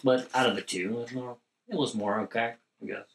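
A man's voice: mid-range voice, steady tone, brisk, vocal fry. A playful, jokey man from Norway, chatting and reading out cards during a casual game. His voice sounds distant and bounces around a roomy, echoey space. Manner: playful, jokey, self-mocking. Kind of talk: casual comedic chat over a card game. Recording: roomy, off-mic home recording.

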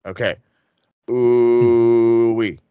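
A man asking wrestling trivia in a casual podcast chat, excitable and profane with rambling asides. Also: mid-range voice, drawn-out words, smooth, no room sound, lo-fi sound. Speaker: trivia quizmaster.

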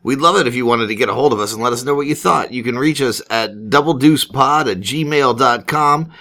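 A man's voice: mid-range voice, brisk, bright, forceful tone. A man co-hosting a podcast who reads out the closing announcement and contact details. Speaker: podcast co-host.

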